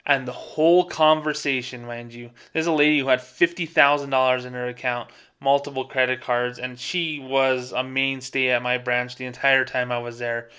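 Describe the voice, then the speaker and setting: This man, a former bank employee now co-hosting a podcast, has a clear, resonant voice of medium pitch and keeps a moderate pace with hardly any pauses. He relays a story in an easygoing, animated way, voicing the other people's quoted lines himself.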